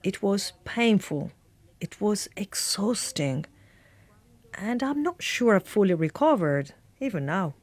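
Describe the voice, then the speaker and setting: A woman reading a translated voice-over in a measured way. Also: mid-range voice, very animated, a little mellow, dry recording.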